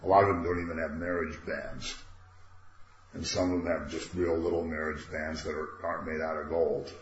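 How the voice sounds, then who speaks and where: An older man leading an informal Bible study, talking conversationally and turning animated when he quotes God. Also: rumbling low, normal speed, echoey room. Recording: dull lo-fi recording with faint noise.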